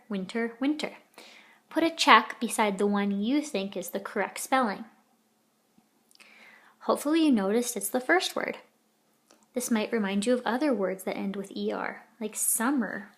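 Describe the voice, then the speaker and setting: A woman teaching a children's editing lesson, patiently sounding out letters and words. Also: medium pitch.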